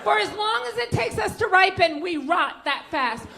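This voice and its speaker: A woman in her forties doing a brash stand-up set, working the crowd and bursting into shouts. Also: very high-pitched, animated, moderate pace, gravelly. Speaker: stand-up comedian and host. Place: comedy club stage. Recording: live club recording with loud crowd laughter and noise.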